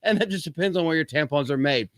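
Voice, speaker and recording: Reading quotes aloud on his live-stream commentary show, this podcast host interrupts with sarcastic asides that grow into a profane, mocking rant. His voice is a little high, fast and fairly bright, with lively intonation and no echo.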